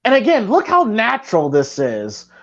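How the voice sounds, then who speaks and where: A man's voice: sits high, huge pitch swings, moderate pace, a bit bright. A man co-hosting a live movie commentary podcast, talking animatedly and often repeating words while he thinks. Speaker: podcast co-host. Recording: dull lo-fi audio.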